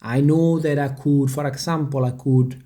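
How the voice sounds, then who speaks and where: A vlogger who isn't a native English speaker rambles casually to the camera, hesitating and restarting often and stumbling over how to pronounce words. His mid-range voice is warm, with fairly even intonation at a normal speed.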